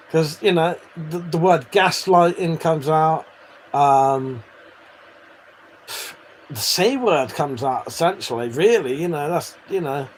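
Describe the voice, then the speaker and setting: A man's voice: fairly high pitch, slight background noise. A British man chatting casually with viewers on a live stream, swearing freely and bantering. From United Kingdom.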